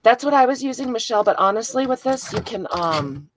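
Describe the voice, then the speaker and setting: Hosting a live crafting stream, a woman talks briskly in a higher voice with lively intonation, and faint background noise is present. She's chatty and self-deprecating, laughing at her slip-ups and greeting viewers by name.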